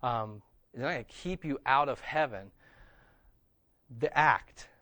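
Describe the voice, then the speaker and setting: Taking things slowly, a pastor with a mid-range, somewhat bright voice preaches in a conversational way on a dry recording. He often pauses to check in with his listeners, asking "okay?"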